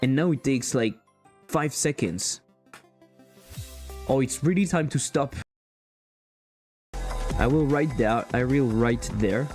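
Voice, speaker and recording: Excitable French game-dev streamer. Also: male voice, mid-range voice, slow, long pauses, soft background music. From France. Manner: excitable, swears often, self-mocking. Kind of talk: casual live-stream commentary while coding.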